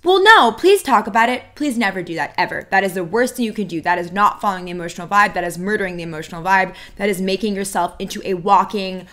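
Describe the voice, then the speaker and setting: A woman's voice: fairly low pitch, fairly even intonation, fast talker, few pauses, fairly bright tone. A woman hosting a dating advice video, speaking bluntly and emphatically and repeating her key points. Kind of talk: direct-to-camera advice talk.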